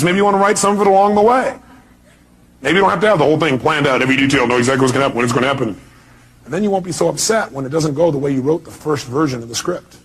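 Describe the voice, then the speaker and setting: A man's voice: a little high, slightly rough. A middle-aged man giving an emphatic seminar talk and firing rhetorical questions at his audience. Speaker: motivational speaker.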